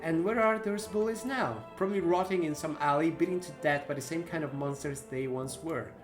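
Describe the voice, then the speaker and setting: A man voicing a quiet, bitter stranger who was bullied over his teeth. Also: on the high side, brisk, music in the background, pitched above the performer's own voice, lightly acted.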